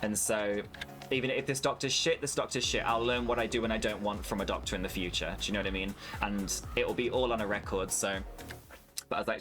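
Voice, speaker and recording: A man's voice: fairly low pitch, fairly even intonation, fast talker, fairly bright tone, soft background music. A British man streaming a farming game, chatting candidly and swearing freely with his viewers while he plays. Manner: candid, sweary, talks to chat while playing. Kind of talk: casual gaming stream chat.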